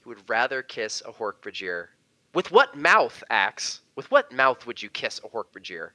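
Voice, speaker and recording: A man's voice: mid-range voice, big pitch swings, moderate pace, bright, forceful tone, no room sound. A man co-hosting a casual watch-along chat, joking and teasing his friend with frequent laughs. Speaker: co-host.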